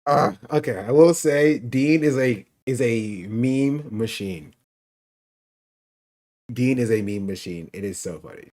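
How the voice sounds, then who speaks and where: A man's voice: medium pitch, animated, takes it slowly, darkish tone. A man hosting a stream, chatting casually with laughing asides. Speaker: streamer host.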